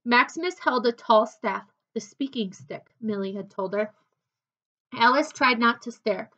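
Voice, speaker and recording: A woman reading a children's novel aloud with expressive, unhurried narration. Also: fairly high pitch. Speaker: storybook reader. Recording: dull lo-fi recording.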